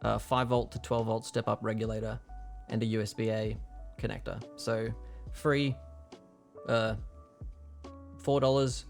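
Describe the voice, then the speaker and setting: A man's voice: fairly low pitch, little pitch movement, a little slow, vocal fry, faint music behind. A young man casually explaining a keyboard build on a livestream, rambling with lots of fillers. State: hiccuping.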